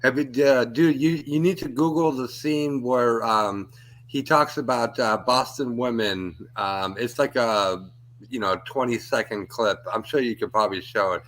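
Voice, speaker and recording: Man on a live stream chat, mid pitch, halting and casual. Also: a bit bright, low-quality recording. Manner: hesitant, full of ums and uhs. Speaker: stream participant.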